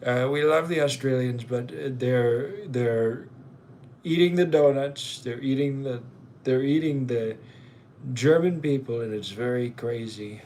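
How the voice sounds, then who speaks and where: A man's voice: medium pitch, unhurried, mellow, lightly acted. Man putting on a brash, boastful older politician, blustering and repetitive, with faint background hiss. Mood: mock alarm.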